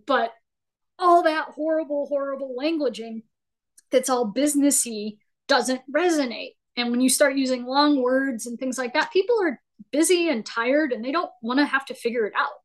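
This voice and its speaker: A woman guest on a podcast, explaining business ideas in a casual, animated way, acting out little quotes and asking "right?" often. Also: on the high side, rough recording. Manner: animated storytelling with acted-out quotes; folksy, says "right?" often. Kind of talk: conversational explaining.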